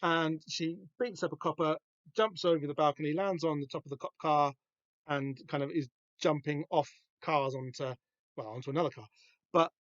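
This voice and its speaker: A man hosting a podcast, talking through a comic book in a rambling, halting way with lots of fillers and restarts. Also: on the high side, dry recording. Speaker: podcast host. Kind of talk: casual comic book discussion. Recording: dull, dry lo-fi podcast recording.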